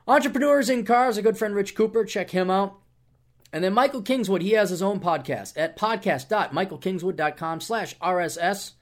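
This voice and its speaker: A man hosting his own podcast, giving shout-outs and opinionated commentary in a rambling, casual way. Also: high-pitched, lively intonation, normal speed. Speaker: podcast host.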